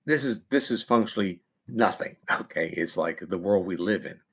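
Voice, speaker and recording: A man's voice: low voice, expressive, normal speed, fairly bright tone, husky. A man guest on an interview, giving long explanations of research in a lecturing way with casual fillers. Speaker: neuroscientist guest.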